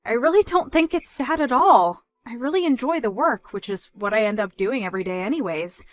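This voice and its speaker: A young woman voicing an independent daughter who speaks in a measured, firm way in a scripted story dub. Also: on the high side, expressive, dry recording, soft background music, natural voice.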